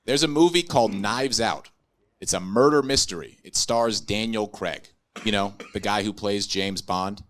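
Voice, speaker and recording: A man's voice: fairly low pitch, normal speed, fairly bright tone. A young adult man doing stand-up comedy with a dry, ironic delivery.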